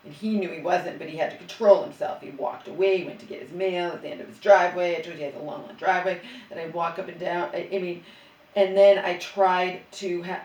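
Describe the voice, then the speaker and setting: A middle-aged woman vlogger venting in an agitated, profane, rambling monologue full of restarts. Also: fairly low pitch. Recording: roomy and distant from the mic.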